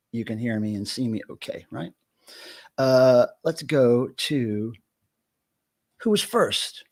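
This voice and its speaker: A man's voice: mid-range voice, darkish tone. Host, middle-aged man, casual and jokey, reads out names from the chat. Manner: jokey, greets chat viewers by name. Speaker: livestream host.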